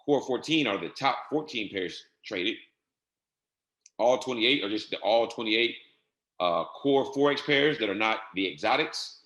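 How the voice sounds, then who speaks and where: A man's voice: fairly low pitch, expressive, unhurried, a bit bright, roomy sound. Man giving a casual trading tutorial. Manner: casual, repetitive step-by-step instructions. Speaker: trading instructor. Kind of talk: screen-share software tutorial.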